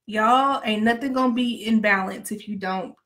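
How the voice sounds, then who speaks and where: Frank woman with a slightly high voice. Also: moderate pace. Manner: animated, frank, addressing viewers as y'all. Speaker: pastor's wife. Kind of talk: candid couple talk on a livestream.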